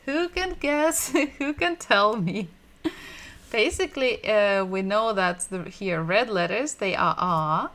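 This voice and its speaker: Woman, language teacher on a livestream, bright tense tone, unhurried, repeats each word for drilling. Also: medium pitch, animated. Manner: patient, repeats sounds and words slowly for drilling.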